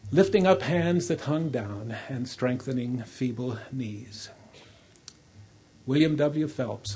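A man's voice: medium pitch, warm tone, breathy edge. An older man giving a solemn, earnest sermon that includes read-aloud storytelling. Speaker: church speaker.

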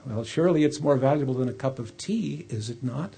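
A man voicing an immortal stranger who grants wishes and asks measured, probing questions. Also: mid-range voice, animated, vocal fry, mellow, husky.

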